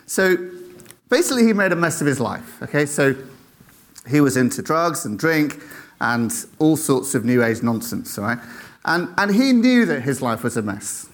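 A man tells a faith story to an audience, animated and acting out the voices of the people in it. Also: a little high, normal speed. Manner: animated, acts out quoted voices, checks in with "right?".

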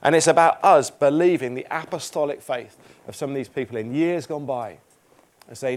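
A man's voice: mid-range voice, moderate pace. A man preaching a sermon in church, earnest and emphatic, repeating phrases and reading scripture aloud.

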